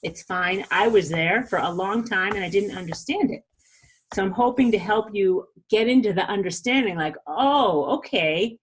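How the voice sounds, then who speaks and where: A woman's voice: medium pitch, lively intonation, moderate pace, slight background noise. A woman hosting a podcast, giving a casual, chatty spiritual talk with frequent laughs and fillers. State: a little weepy. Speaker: podcast host.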